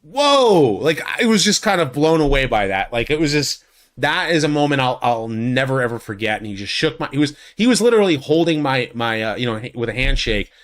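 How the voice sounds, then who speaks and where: A man's voice: lively intonation, brisk, a bit bright. A man giving a casual, rambling video recap of a fan convention, talking into a studio USB microphone. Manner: rambling, with many restarts and likes; acts out quotes in a much higher voice. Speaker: YouTube host recapping a convention. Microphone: USB studio condenser mic.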